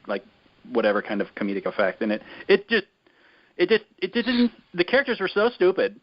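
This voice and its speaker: Rambling man on a lo-fi podcast. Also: lowish voice. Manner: rambling, critical, lots of fillers. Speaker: podcast co-host. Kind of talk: casual chat. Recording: dull lo-fi podcast audio.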